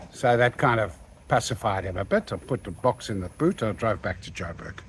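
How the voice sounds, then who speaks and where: A man's voice: on the low side, brisk, slight background noise. An older man, an interview guest who tells stories and acts out the voices of the people in them. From South Africa. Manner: animated, acts out the quoted lines. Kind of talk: anecdotal storytelling.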